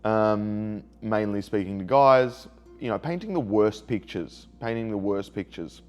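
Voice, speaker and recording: A man's voice: lowish voice, unhurried, darkish tone, faint music behind. An upset man, telling a rambling personal story in a video diary and repeating himself when hurt. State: emotionally upset. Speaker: vlogger.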